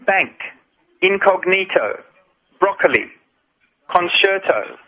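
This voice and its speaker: A man calling in to a radio show and reading out word lists for a language quiz, slowly and deliberately. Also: high-pitched, expressive, sharp tone, highs cut off. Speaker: radio guest, quiz caller.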